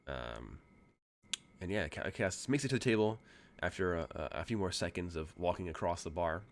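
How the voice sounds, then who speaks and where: A man's voice: sits low, expressive, normal speed. A man narrating as game master in a tabletop game, casual and full of fillers.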